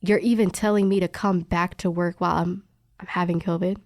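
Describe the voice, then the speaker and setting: A woman's voice: lowish voice, steady tone, brisk, darkish tone, no echo, clean studio sound. A young woman, a respiratory therapist, candidly recounting her work experience in an emphatic, storytelling way. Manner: candid, emphatic, quotes others' words. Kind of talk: personal storytelling interview.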